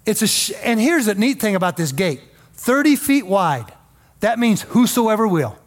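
A man's voice: sits high, sing-song, normal speed. A male pastor preaching a sermon in a folksy, emphatic way with joking asides.

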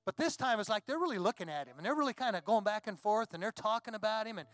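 High-voiced man preaching a story sermon. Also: lively intonation, quick pace, fairly bright tone, no echo. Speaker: pastor. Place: church.

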